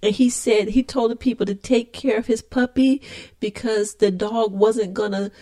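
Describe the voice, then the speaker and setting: A woman's voice: on the high side, steady tone, moderate pace, mellow. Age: unknown. Sex: woman. Role: podcast co-host. Style: casual chat, laughing often, teasing, tripping over and repeating words.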